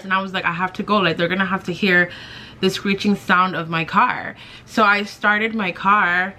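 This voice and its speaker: A woman's voice: mid-range voice, pushed and bright, slight background noise. A young woman vlogger telling a personal story to camera in a chatty, self-mocking way, full of "like". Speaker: beauty vlogger.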